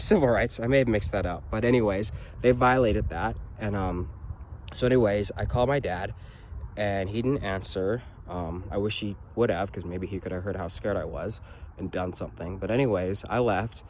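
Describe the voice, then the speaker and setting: Teenage boy, low-pitched, earnest, rambling, personal story, clear vehicle noise behind. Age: teens. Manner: earnest, rambling, keeps saying "anyways". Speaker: student telling his own story.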